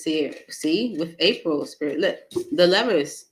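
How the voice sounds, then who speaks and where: A woman's voice: lowish voice, expressive, measured pace, pushed and bright, rough recording. Chatty, laughing tarot-reading woman. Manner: chatty, laughs often, talks to viewers by name. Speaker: tarot reader hosting a live stream. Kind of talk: casual live tarot reading.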